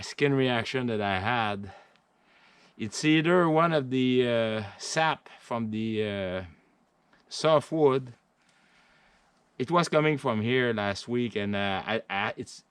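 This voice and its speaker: A middle-aged man with a French accent, explaining a hands-on chainsaw repair in a halting way, with many fillers and restarts. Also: medium pitch, clear, resonant tone, dry recording. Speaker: vlogger.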